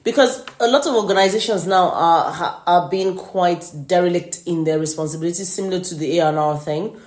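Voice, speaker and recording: A woman co-hosting a podcast in casual chat, making her points clearly and building them up in lists. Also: fairly low pitch, a little fast, a little mellow. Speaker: podcast co-host. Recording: roomy echo.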